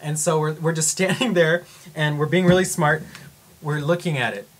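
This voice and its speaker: A young man vlogging, telling a story in a casual, animated way, full of fillers and acted-out gasps. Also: a little high, moderate pace. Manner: animated, acts out gasps and quotes, lots of fillers.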